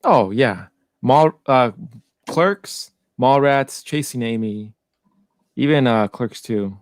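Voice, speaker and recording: A man's voice: medium pitch, lively intonation, slow, no room sound, studio quality. A man hosting a live stream, teasing his guest, laughing often and reading viewer comments aloud. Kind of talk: casual live-stream banter.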